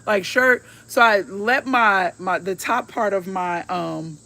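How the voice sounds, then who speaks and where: A woman's voice: medium pitch, slow, sharp tone. A woman in her fifties hosting a casual livestream, chatting in a folksy way and calling her viewers y'all. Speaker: host of a livestream.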